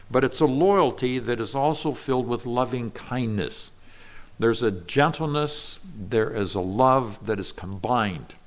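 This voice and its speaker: A man's voice: on the low side, fairly bright tone. A man giving an earnest expository Bible lesson, explaining verses patiently with small restarts. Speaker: Bible teacher.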